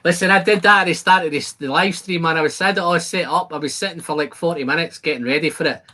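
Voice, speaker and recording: A man hosts a relaxed live stream from home, talking loosely and laughing easily. His voice sits a little high for a man. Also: fast talker, low-quality recording. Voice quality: chatty, swears, laughs often. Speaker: livestream host. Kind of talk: casual chat.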